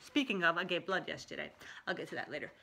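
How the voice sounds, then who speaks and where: A middle-aged woman with a bright, forward voice, chatting to camera as a life coach. She talks in an animated, loose way, with frequent laughs and asides. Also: on the low side, fast, vocal fry. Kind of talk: casual talking-head vlog.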